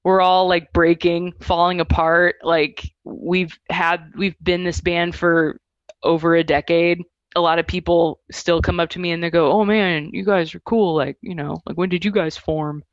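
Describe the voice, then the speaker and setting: A woman's voice: fairly low pitch, normal speed, no room sound, lo-fi sound. A woman in her thirties, a musician guest, chatting casually and telling stories with acted-out quotes. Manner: animated storytelling with acted-out quotes. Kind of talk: casual interview chat.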